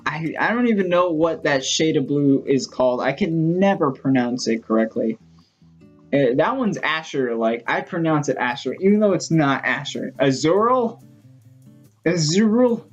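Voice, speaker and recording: A man vlogging in a casual storytelling style, rambling and excitable, full of fillers. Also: on the high side, moderate pace, highs cut off, faint music behind. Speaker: gaming vlogger.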